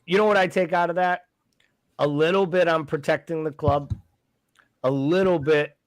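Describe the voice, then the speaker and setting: A man's voice: fairly high pitch, steady tone, normal speed, long pauses, dry recording. Sarcastic man in a dry room. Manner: sarcastic, mocking, blunt. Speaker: podcast co-host. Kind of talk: casual podcast chat.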